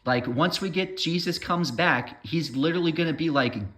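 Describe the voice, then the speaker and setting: A man's voice: mid-range voice, animated, normal speed, sharp tone. A man rambling through an opinion monologue, trailing off mid-thought and waving his own points away with "never mind.".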